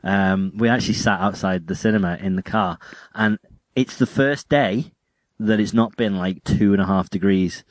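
A young man hosts a podcast, chatting casually and teasing his co-host dryly. His voice is fairly low. The sound is close and dry, recorded in a parked car. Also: normal speed, no echo. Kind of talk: casual chat.

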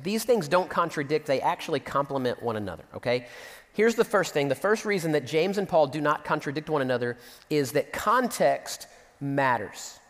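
Animated high-voiced preacher man in a hall. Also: moderate pace. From Central Texas. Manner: animated preaching, reading scripture and acting out quotes. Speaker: pastor. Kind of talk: sermon.

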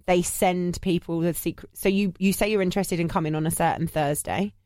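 A woman's voice: on the low side, steady tone, brisk, darkish tone, no echo, studio quality. Chatty woman podcast co-host. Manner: chatty, lots of fillers and restarts. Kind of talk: casual chat.

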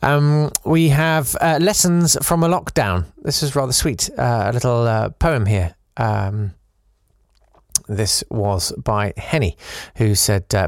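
A man chats his way through listener messages on his podcast, rambling and self-deprecating. His voice sits at a middle pitch, recorded close and dry with no room sound. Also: takes it slowly, dry recording. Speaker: podcast host. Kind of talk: casual chat reading listener messages.

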